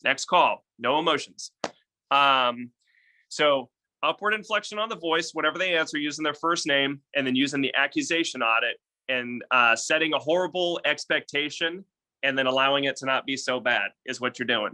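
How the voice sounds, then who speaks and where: A man's voice: medium pitch, normal speed. Blunt, fired-up man coaching sales. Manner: blunt, energetic and direct, with casual swearing. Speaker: real estate sales coach. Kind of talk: casual sales training talk.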